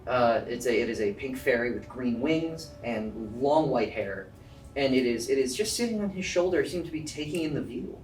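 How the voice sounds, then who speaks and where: A man narrating as dungeon master in a tabletop game, chatty and lively. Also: mid-range voice, normal speed. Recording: roomy distant mic, faint music.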